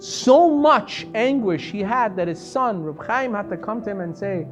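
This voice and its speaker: Animated rabbi telling a story. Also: male voice, measured pace, few pauses, soft background music. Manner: animated storyteller, acting out quoted voices, pitch swinging from soft to loud. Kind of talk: storytelling lesson.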